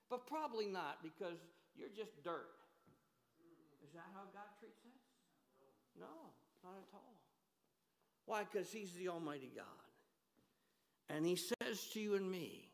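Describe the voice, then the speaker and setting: A man preaching an emphatic sermon in a church, swinging between hushed and loud. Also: high voice, big pitch swings, a little slow, creaky, pauses often. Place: church sanctuary. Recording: long hall reverb.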